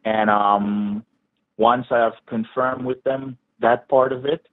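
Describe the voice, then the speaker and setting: A man's voice: mid-range voice, fairly even intonation, slow pace, no room sound. Polite man on a tinny phone line. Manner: polite, reassuring, with hesitant fillers, keeps saying sir. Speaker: phone scammer.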